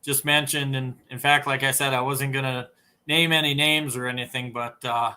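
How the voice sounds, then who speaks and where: Man, upper midwest american accent, bright forceful voice, rambling storyteller, lots of uh and you know. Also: mid-range voice, flat delivery, normal speed. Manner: rambling, many fillers and restarts. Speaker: snowmobile clutch tuner, podcast guest. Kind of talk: casual storytelling interview.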